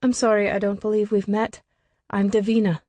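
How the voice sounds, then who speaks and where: A woman reading an audiobook voices a polite, pleasant young woman at a party, speaking a little higher than her own voice. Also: flat delivery, fairly quick, warm tone, no room sound, natural voice. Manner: pleasant, polite, slightly uneasy. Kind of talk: audiobook character voicing.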